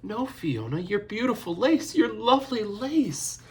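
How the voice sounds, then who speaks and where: A man voicing a frightened, tearful little girl who pleads and cries out in high, shrill tones. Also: normal speed, vocal fry. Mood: panicked.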